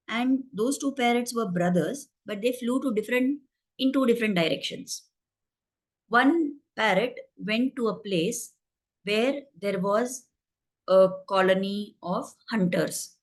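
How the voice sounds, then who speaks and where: A woman leads a spiritual discourse in a slow, deliberate, explanatory way. She weaves a folk tale into her teaching. Her voice sits at an ordinary middle pitch. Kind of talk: scripture discourse with storytelling.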